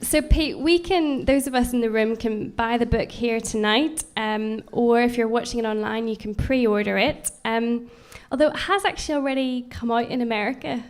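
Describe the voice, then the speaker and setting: A woman hosting a live book launch interview, friendly and filling pauses with lots of ums. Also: on the high side. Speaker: interviewer and event host. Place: event venue with audience.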